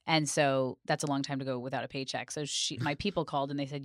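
A woman's voice: very deep voice, steady tone, quick pace, few pauses, dry recording, studio quality. A woman, an actress, telling rambling anecdotes in a casual podcast chat, with frequent fillers.

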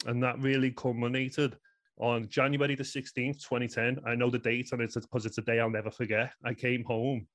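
A man's voice: mid-range voice, flat delivery, moderate pace, a bit bright. A man in his thirties with a Liverpool accent, earnestly telling a personal story in a rambling way, full of "you know" fillers. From England. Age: 30s. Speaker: guest.

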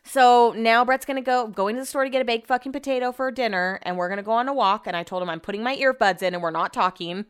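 Young woman, smooth and fairly high voice, ranting exasperated in a casual vlog. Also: fast talker, hardly any pauses. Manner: exasperated, ranting, swears freely. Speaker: vlogger.

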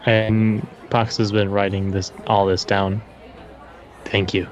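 A man describes his character's actions in a relaxed, casual way during a tabletop game. His voice sits on the low side for a man. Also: slow pace, muffled recording. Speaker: player.

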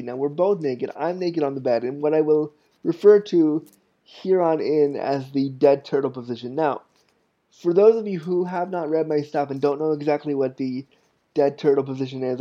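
A man's voice: a little high, moderate pace, warm tone, highs cut off. A man in his thirties hosting a podcast, telling candid, self-mocking stories in a casual, chatty way. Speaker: podcast host. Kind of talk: casual storytelling monologue.

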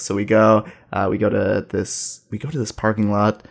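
In a casual chat, a man animatedly tells a travel story, acting out the lines of the people in it. His gravelly voice is on the low side, at a normal speed with hardly any pauses.

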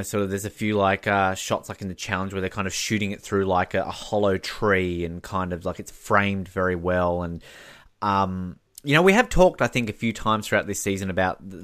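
A man co-hosting a podcast, rambling, animated and casual with lots of fillers. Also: sits low. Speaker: podcast co-host. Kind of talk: casual recap chat.

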